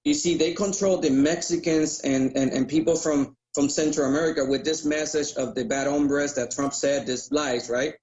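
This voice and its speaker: A man's voice: mid-range voice, a little mellow. Man from Puerto Rico on a lo-fi line. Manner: explanatory, keeps asking "right?". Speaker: radio host, guest. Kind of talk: casual interview talk.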